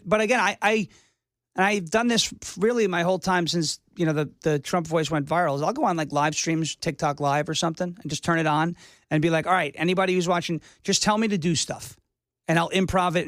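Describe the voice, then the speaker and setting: A man appearing as a guest on a talk radio show, speaking in a rambling, excitable way about his comedy work. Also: high-pitched, brisk, no echo, clean studio sound. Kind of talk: casual interview chat.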